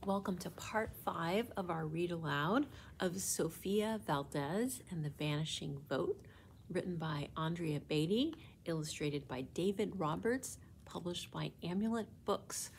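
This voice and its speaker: A children's librarian reading a storybook aloud in a library children's room, in clear, steady storytelling. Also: female voice, lowish voice, a little slow, slight background noise. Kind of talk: children's book read-aloud.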